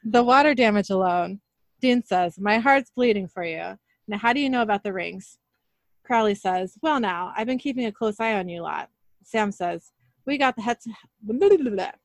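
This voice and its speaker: A woman's voice: mid-range voice, normal speed, dry recording. Dry-voiced woman casually retelling a story. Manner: reads every character's lines in her own voice, laughing at her slips. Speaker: narrator retelling an episode. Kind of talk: casual recap reading lines aloud.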